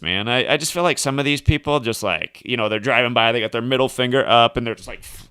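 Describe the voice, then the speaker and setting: A man talks alone on his livestream, stringing number after number together with loose asides. His voice is bright and crisp, recorded close and dry. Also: mid-range voice, fast, few pauses, no echo. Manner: rambling, reels off number links and asides. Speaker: livestream host. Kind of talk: solo livestream monologue.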